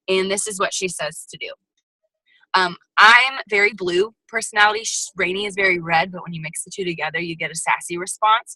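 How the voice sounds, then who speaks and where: Woman guest trainer, bright and forceful, sassy motivational delivery, dry video-call sound. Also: medium pitch, no room sound, rough recording. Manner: lively, sassy and chatty, with frequent asides. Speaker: guest speaker at a sales team training.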